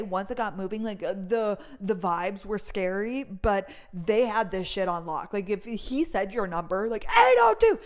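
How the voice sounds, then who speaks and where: Chatty young woman telling a story. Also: mid-range voice. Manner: chatty, swears freely, lively retelling. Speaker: vlogger. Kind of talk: casual storytime vlog.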